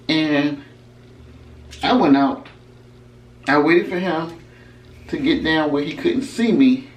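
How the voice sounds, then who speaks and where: A woman recounting a personal story in a storytime vlog, talking emphatically and conversationally. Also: deep voice. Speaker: vlogger telling a personal story. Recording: roomy echo, mic at a distance, faint background hum.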